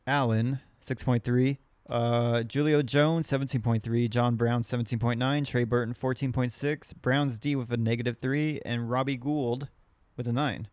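Smooth-voiced man reading fantasy scores. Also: medium pitch, no echo. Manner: reads scores in quick list form. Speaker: podcast co-host. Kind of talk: casual fantasy football recap.

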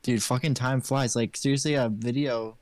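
A man's voice: medium pitch, steady tone, normal speed, no room sound. A young man in casual chat, laid-back, swearing casually and calling his friend dude. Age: young adult.

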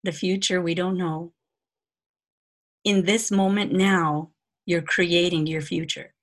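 A woman guest giving spiritual advice in a measured, soothing way, repeating words for emphasis. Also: on the low side, fairly even intonation. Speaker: podcast guest, spiritual teacher. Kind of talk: calm guidance in conversation.

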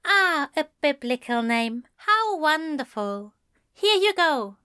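A woman voicing a fussy, effusive male author who speaks in bright, gushing tones. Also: high-pitched, big pitch swings, slow pace, no echo, studio quality, voice pushed up, full character voice. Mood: cheerful.

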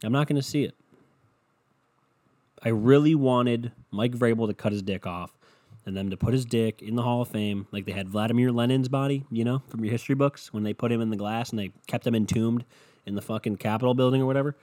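A man's voice: mid-range voice, fairly even intonation, fairly quick, a little mellow. Profane rambling man ranting casually. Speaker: solo podcast host. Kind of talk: casual unscripted rant.

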